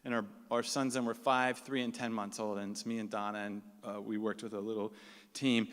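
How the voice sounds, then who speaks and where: A middle-aged man telling a self-mocking comic story live, animated and laughing along. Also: lowish voice, brisk. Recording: echoey hall, faint room noise.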